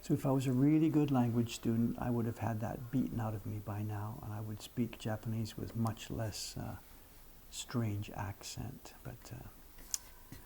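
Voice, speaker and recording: This is an older man in his seventies, chatting plainly to viewers on a livestream. His voice is gravelly and mellow. He talks in a frank, self-deprecating way, and a faint room noise runs underneath. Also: mid-range voice, steady tone, measured pace. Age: 70s. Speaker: livestream host. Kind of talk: casual livestream chat answering viewers.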